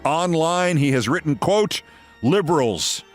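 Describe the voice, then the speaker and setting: A man's voice: a little high, animated, a little slow, soft background music. A man from New York, hosting a scripted political commentary show in a sarcastic, theatrical manner. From New York, USA.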